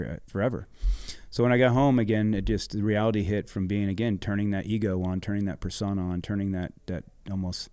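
A man's voice: sits low, dark tone, no room sound. A middle-aged man telling a story in casual podcast chat, laid-back and swearing freely. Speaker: podcast guest, former motocross racer.

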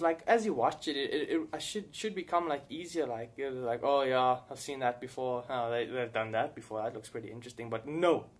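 Brief: young-sounding man, mid pitch, loose and profane, rambling Q&A to camera. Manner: rambling, heavy swearing, laughs often. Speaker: gaming YouTuber answering viewer questions. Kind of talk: casual Q&A chat to camera.

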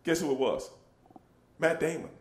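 Animated, high-voiced storytelling man. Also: normal speed. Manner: animated, laughing, acting out quotes. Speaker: show host telling a story. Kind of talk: casual storytelling.

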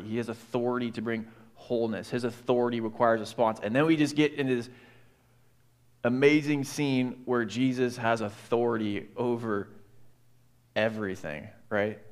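A man preaching a sermon as pastor, in a casual, animated way, often saying "like" and "right?". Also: medium pitch. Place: church.

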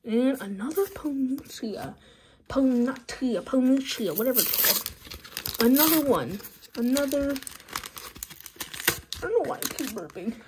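A woman chatting casually as she opens trading card packs, excitable and pleading with the cards. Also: sits high, measured pace, long pauses. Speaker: card-opening vlogger. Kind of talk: casual pack-opening commentary. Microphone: phone. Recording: loud wrapper crinkling and tearing noise. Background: crinkling, tearing foil packs.

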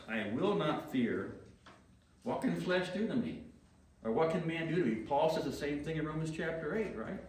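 Pastor preaching in an echoey hall. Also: male voice, mid-range voice. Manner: conversational, acts out quick voices and asks the room questions. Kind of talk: sermon. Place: church sanctuary. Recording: very echoey church hall, mic at a distance.

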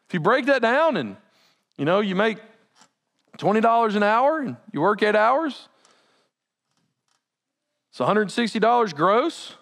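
Male pastor, high and lively voice, chatty preaching with laughing asides. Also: unhurried, vocal fry, pauses often. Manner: animated, conversational, laughing asides. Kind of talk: sermon.

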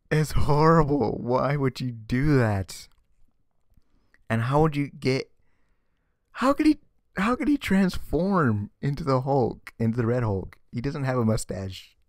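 A man's voice: mid-range voice, a little mellow, no room sound, clean studio sound. A man ranting sarcastically in a casual vlog commentary, exasperated and often stammering and repeating words. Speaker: vlogger. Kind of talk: ranting comic book commentary.

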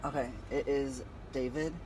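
A man's voice: mid-range voice, steady tone, moderate pace. A man vlogging on his phone about getting an oil change, talking anxiously and exclaiming a lot. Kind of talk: casual vlog. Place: in a car and an auto shop. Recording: noisy car and shop background.

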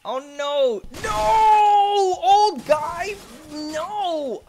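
A man giving excitable let's play commentary, yelping and squealing as things go wrong and talking to the characters on screen. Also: medium pitch, slight background noise. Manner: playful, talks to the game characters. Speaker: gaming YouTuber.

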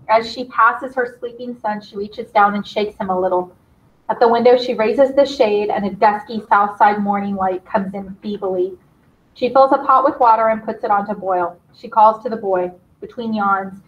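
A woman teacher reads a play's stage directions aloud to her class and talks with them in a brisk, encouraging way. Her voice sits at a middling pitch. The sound is slightly dull and lo-fi.

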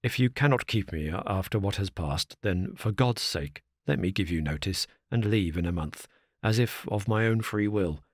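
A hoarse, desperate manservant begs for mercy in a voice pitched well below the reader's own, with an altered, strained tone, as a man puts him on. He pleads and despairs, a proud servant brought low in a storybook reading. The recording is dry and close. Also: moderate pace, dry recording. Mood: pleading. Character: desperate older male butler pleading.

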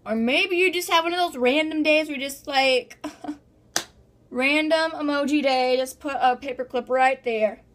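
A woman's voice: high-pitched, measured pace, a bit bright, slight background noise. A young woman chatting casually as a vlogger, bubbly and giggly with lots of filler words. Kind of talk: casual vlog chat.

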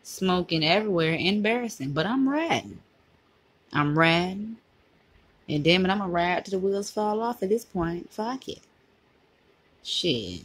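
A woman's voice: on the low side, animated, a little slow, long pauses, no room sound, rough recording. A woman from Virginia, talking to herself in casual, profane chat while she drives and films on her phone. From Virginia, USA. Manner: chatty, profane, talks to herself and passing drivers. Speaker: vlogger. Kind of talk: casual self-filmed chat while driving. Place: inside a car on the road. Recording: car and road noise behind. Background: car engine and road noise.

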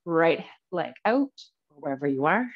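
A woman's voice: deep voice, big pitch swings, normal speed. A woman yoga teacher cueing poses step by step in a live class, a little out of breath and laughing at her own slips. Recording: slightly dull lo-fi audio.

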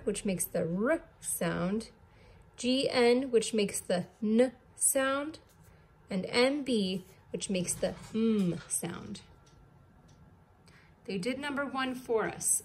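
A woman's voice: medium pitch, slow pace, slight background noise. A woman teacher leading a recorded distance-learning lesson, patiently spelling words letter by letter.

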